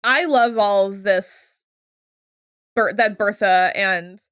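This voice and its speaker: A woman's voice: mid-range voice, slow, a bit bright, clean tone, no room sound, studio quality. A young adult woman co-hosting a show recap, chatting casually and retelling scenes with quoted voices. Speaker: podcast co-host.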